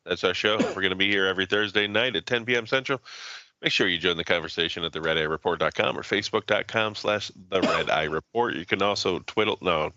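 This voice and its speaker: A very deep-voiced man hosts a podcast with crude, joking banter. His tone is bright and forceful, and the sound is dry and dull, like lo-fi audio. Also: fast talker, no room sound. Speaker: podcast host. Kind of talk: casual banter.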